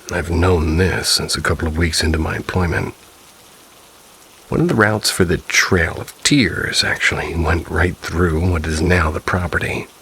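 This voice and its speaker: Male narrator, very low and gravelly, calm measured read of ghost stories. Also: slight background noise, low-quality recording. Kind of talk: scripted narration.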